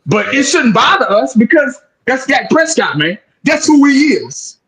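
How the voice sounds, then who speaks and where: High-voiced man in a profane sports rant. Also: sing-song, unhurried, a bit bright, rough recording. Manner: profane, emphatic, repeats 'man' often. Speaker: sports show host. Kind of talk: casual sports talk.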